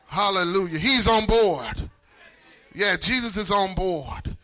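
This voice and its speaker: A man preaching, his voice pitched very high for a man and strikingly bright and piercing. He rolls into a sing-song chant and shouts out calls to the congregation. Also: expressive, slow pace, a faint crowd. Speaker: pastor. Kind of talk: sermon.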